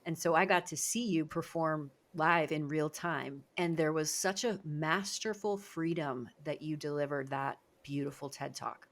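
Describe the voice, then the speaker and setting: A low-pitched woman hosts an interview podcast as a speaking coach. She talks in an effusive, encouraging manner and heaps praise on her guest. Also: steady tone, unhurried, few pauses. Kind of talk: interview conversation.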